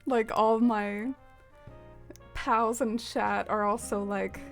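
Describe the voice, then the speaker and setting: A woman hosting a casual game stream talks with her viewers as she plays, laughing often and using plenty of fillers. Her delivery is flat and slow in a voice on the high side, over soft background music.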